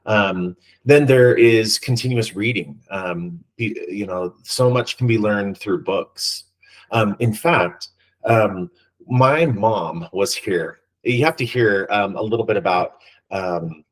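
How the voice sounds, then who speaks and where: Male podcast co-host, low-pitched, casual and rambling, hesitant with fillers. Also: poor audio. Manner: rambling with many ums and restarts. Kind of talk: casual chat.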